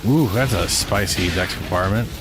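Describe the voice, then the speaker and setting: A man's voice: sits low, moderate pace, background noise. A man streaming a game, talking casually in a profane, ranting way and often correcting himself. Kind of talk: casual gameplay commentary.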